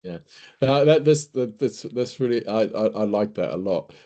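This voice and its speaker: Low, mellow-voiced male interviewer. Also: animated, highs cut off. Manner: halting, stammering questions, frequent murmured acknowledgements. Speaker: interviewer, host. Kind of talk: conversational interview.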